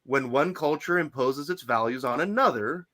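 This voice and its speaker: A man's voice: mid-range voice, normal speed, bright, forceful tone. A man co-hosting a podcast, telling stories in a rambling way with lots of restarts. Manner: rambling storyteller, many likes and restarts. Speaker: podcast co-host. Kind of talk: casual chat.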